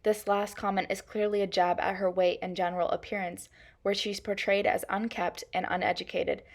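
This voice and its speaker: Presenting for a class, a young adult student speaks in a mid-range voice. She reads steadily and in a measured way, often slipping in hedging phrases.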